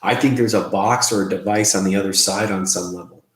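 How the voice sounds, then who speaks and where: Low-voiced man hosting a live stream. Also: fairly even intonation, reverberant. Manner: rambling, halting, restarts often. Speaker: host. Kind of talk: live-stream chat about spirit box sessions.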